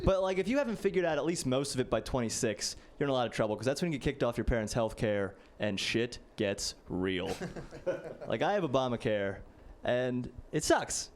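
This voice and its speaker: A man's voice: mid-range voice, animated, moderate pace. Self-deprecating young male stand-up comic. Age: late 20s. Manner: casual, self-deprecating, lots of "like". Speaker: stand-up comedian. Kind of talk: stand-up comedy set. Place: stage before a live audience.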